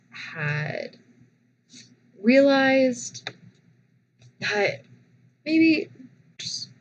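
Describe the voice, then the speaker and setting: A young woman vlogger casually telling personal stories, animated and dramatic, often restarting her sentences. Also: low-pitched, slight background noise, rough recording.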